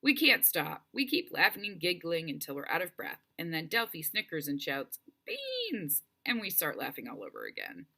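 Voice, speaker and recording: A woman narrating a first-person audiobook with expressive, wryly humorous storytelling. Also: sits low, fairly quick, creaky, few pauses.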